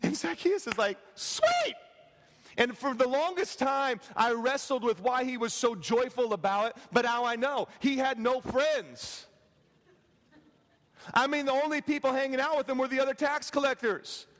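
A man preaching a sermon as pastor, animated and joking with his congregation, acting out voices. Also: extremely high pitch, moderate pace. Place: large church hall. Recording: echoey church hall.

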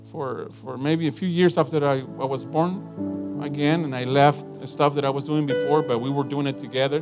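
A middle-aged man delivers a lively sermon in a somewhat high voice. He speaks emphatically, drawing the congregation in with stories. Guitar and piano carry on clearly behind him throughout. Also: normal speed. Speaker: preacher. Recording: guitar and piano music underneath.

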